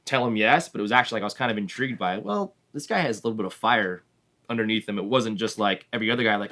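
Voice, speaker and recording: Male drummer guest, low-ish, very fast talker, chatty storyteller who laughs a lot and acts out quotes. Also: bright, forceful tone. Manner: rambling anecdotes with frequent laughs and acted-out quotes. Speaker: drummer, band member guest. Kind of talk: casual storytelling interview.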